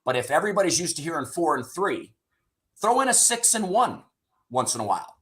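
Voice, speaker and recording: A man's voice: on the high side, big pitch swings, a little fast, a bit bright. A middle-aged man, a sales leader and guest on an interview show, telling stories candidly and often ending points with "right?". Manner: candid, swears casually, frequent "right?" tags. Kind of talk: storytelling interview talk.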